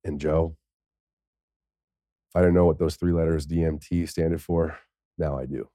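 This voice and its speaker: An American man in his thirties, a podcast guest, telling stories in a casual, lively way, swearing now and then. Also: very deep voice, moderate pace, no echo, clean studio sound. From United States. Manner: lively, swears, acts out quoted speech. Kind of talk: casual storytelling.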